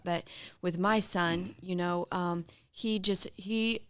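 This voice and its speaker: A woman and mother speaking in a casual podcast chat, soft-spoken and hesitant, reflecting on trust. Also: fairly low pitch, steady tone, slow, clean tone.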